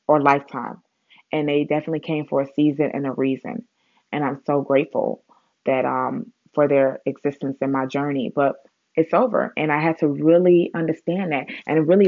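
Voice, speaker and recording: Woman, spiritual vlog monologue, rambling and animated, dry muffled sound, mid pitch. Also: no room sound. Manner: rambling, many fillers and restarts, animated retelling.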